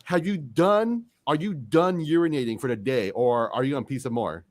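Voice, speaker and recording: A man's voice: mid-range voice, normal speed. A man hosting a casual online interview, chatty and giggling often. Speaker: host.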